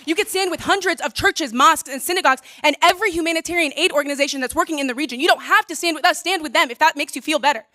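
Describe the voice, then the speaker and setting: A woman giving a forceful, pleading public comment at a city council meeting, asking rhetorical questions. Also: sits high, rapid-fire, hardly any pauses.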